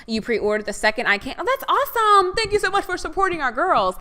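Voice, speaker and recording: A woman's voice: very high voice, very animated, quick pace, pushed and bright, slight background noise. A young woman co-hosting a casual podcast, reading out viewer comments and chatting about them affectionately. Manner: chatty, affectionate, calls listeners "honey". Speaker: podcast co-host.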